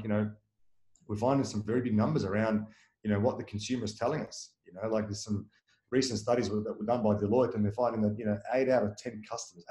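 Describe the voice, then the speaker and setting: A man runs through his points at a rapid clip, full of fillers and restarts, often tagging them with "right?". His voice sits a little low. It is recorded in an echoey room. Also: dark tone. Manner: fast, rambling, many fillers and restarts, tags "right?". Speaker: marketing agency owner, guest. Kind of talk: casual interview talk.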